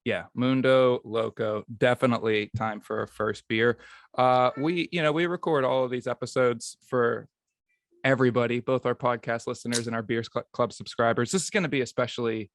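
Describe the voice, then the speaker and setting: A man hosts a beer-tasting podcast in an easygoing, chatty way and pokes fun at his own slips. His voice sits at an ordinary middle pitch, and the sound is close and dry. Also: brisk, no echo. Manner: easygoing, self-deprecating joking. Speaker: podcast host. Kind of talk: casual podcast chat.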